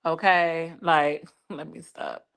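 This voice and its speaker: A woman's voice: low voice, fairly even intonation, takes it slowly, gravelly, a bit bright, smooth. A woman hosting a livestream, gossiping in a brash, profane, laughing way. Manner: brash, profane, laughing, lots of "child" and "baby". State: injured foot. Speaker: livestream host. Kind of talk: casual gossip chat.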